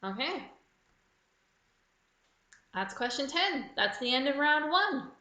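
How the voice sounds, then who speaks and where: An Australian woman runs a live trivia night online, reading out questions slowly and saying each clue twice. Her voice is bright and clear, and it rings in a roomy, echoey space. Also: high voice, sing-song. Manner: reads clues slowly and repeats them. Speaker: quiz host. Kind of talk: live online pub quiz hosting.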